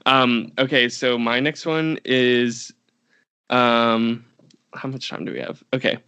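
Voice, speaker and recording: A man's voice: mid-range voice, fairly even intonation, slow pace, pushed and bright, smooth, no room sound. A young man co-hosting a podcast, telling a long story in casual chat with lots of fillers and restarts. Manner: rambling, many fillers and restarts. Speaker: podcast co-host.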